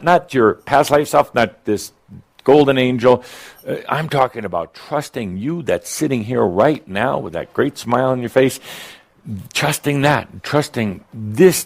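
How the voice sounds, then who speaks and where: A man giving a channeled spiritual talk to a live audience, playful and teasing, laughing at his own jokes and often restarting his sentences. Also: on the low side.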